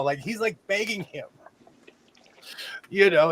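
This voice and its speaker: Animated storytelling man, fairly high voice. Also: moderate pace, pauses often, a little hiss or hum. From American South. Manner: animated storyteller, laughs often. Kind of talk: casual chat.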